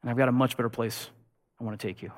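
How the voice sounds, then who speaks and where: A preacher voicing a gentle, self-sacrificing male rescuer who speaks softly and calmly. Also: medium pitch, racing, pitched below the performer's own voice, natural voice. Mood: tender. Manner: soft, quiet, calm.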